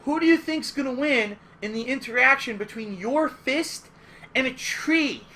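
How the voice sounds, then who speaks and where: A man casually telling a story from his past as a gaming streamer, animated, emphatic and full of swearing. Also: extremely high pitch, normal speed. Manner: animated, profane, emphatic retelling.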